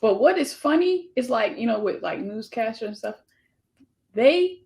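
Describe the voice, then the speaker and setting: A woman hosting a casual interview, chatty and quick to laugh. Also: fairly high pitch. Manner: relaxed and chatty, laughs often. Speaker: interviewer, channel host.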